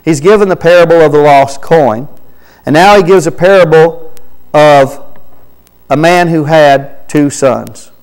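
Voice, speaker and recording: A man's voice: on the high side, a little slow, smooth, rough recording. Man preaching, reading scripture with emphasis. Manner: reads verses with rising emphasis, then drops to quiet asides. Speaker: pastor. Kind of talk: sermon, reading scripture aloud. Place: church sanctuary.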